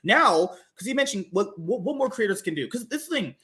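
A man chatting as a podcast guest in a high voice with lively swings in pitch. He is emphatic, repeats words for weight and swears casually. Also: a little fast.

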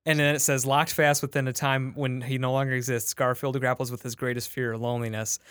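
Smooth-voiced man retelling a comic. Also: mid-range voice, little pitch movement, a little fast, fairly bright tone, no room sound, studio quality. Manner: retelling a comic with lots of fillers and restarts. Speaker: podcast producer and guest. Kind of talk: casual podcast chat.

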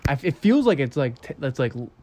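A man's voice: mid-range voice, sing-song, fast talker, warm tone. A young man co-hosting a podcast, teasing and roasting his friend in casual, profane chat. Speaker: podcast co-host.

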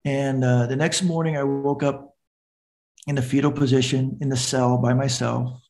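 A man's voice: mid-range voice, level tone, normal speed. A middle-aged man, a recovery coach, earnestly telling his personal story as a podcast guest and acting out the voices of the people in it.

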